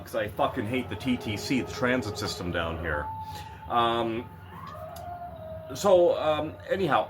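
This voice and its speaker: A man's voice: mid-range voice, a bit bright. A middle-aged man ranting in a blunt, profane way in a vlog, laughing at himself now and then. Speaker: vlogger.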